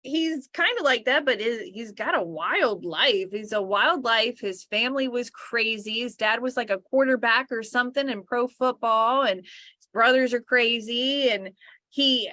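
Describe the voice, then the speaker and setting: A woman's voice: fairly high pitch, unhurried, sharp tone, dry recording. A woman co-hosting a podcast in casual chat, loose and jokey, laughing often. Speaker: podcast co-host.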